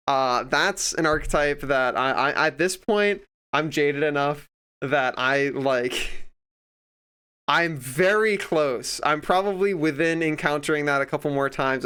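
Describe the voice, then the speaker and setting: Male streamer, casual rambling chat, profane, smooth clean tone. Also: fairly high pitch, a bit bright. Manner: rambling, profane, acts out others in quoted voices.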